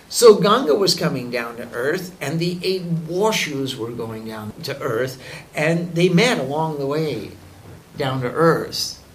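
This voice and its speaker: A man telling sacred stories to a group in an unhurried way, acting out the characters' lines and chuckling now and then. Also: fairly high pitch, expressive, a little hiss or hum, poor audio. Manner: unhurried, voices characters in quotes, chuckles often. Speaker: spiritual teacher telling stories. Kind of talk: storytelling talk to a group.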